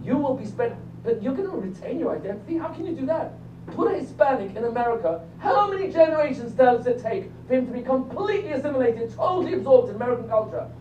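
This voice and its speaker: An older man, a rabbi giving a lively lecture that quizzes the audience and jokes with them. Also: very high-pitched, fast talker. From England. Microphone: phone recording from the audience. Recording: distant, echoey, dull phone recording with faint hum.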